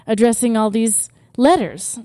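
A woman co-hosting a comedy podcast, making dry, dark jokes in a casual chat. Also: a little high, measured pace, over a noisy crowd. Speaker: podcast co-host.

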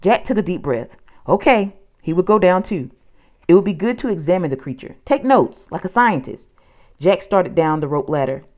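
A woman narrating a children's audiobook with an expressive storytelling delivery. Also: on the low side, moderate pace.

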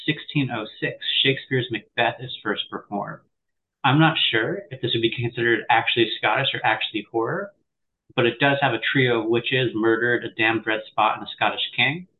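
A man co-hosting a podcast, walking through history notes in a chatty, upbeat way with a few wry asides. His voice sits at a middle pitch and comes through thin and phone-like. A faint hiss sits underneath. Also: fairly even intonation, normal speed. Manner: chatty, enthusiastic, light humor. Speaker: podcast co-host. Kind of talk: casual podcast chat and reading history notes.

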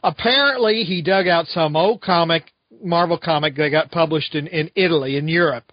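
Co-host: high-voiced man, rambling, sarcastic, dry lo-fi sound. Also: moderate pace, no room sound. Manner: rambling, sarcastic, lots of fillers. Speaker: podcast co-host. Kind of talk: casual chat. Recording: dull lo-fi sound.

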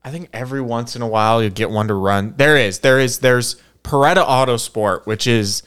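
A young man with a Michigan accent co-hosts a casual chat, blunt and loose, swearing offhand and trailing off into ums. His voice is clear and smooth, at an ordinary pitch for a man. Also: brisk, a bit bright. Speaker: podcast co-host.

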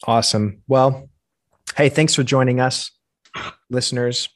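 A man's voice: mid-range voice, steady tone, a little slow, dry recording. A man co-hosting a casual faith podcast, talking through ideas in an earnest, reflective way. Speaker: podcast co-host.

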